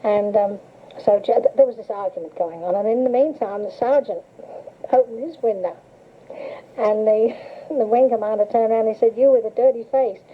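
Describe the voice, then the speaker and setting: A woman's voice: medium pitch, moderate pace. An older woman reminiscing in a chatty, storytelling way and laughing often while she is interviewed. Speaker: interviewee recalling memories. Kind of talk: casual reminiscing. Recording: tinny old cassette tape with hiss.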